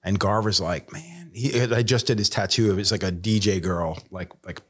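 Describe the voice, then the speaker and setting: A man talking casually as a podcast guest, swearing freely and getting animated as he retells conversations. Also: fairly low pitch, moderate pace, slightly rough. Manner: swears a lot, animated when retelling others. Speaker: guest tattoo artist.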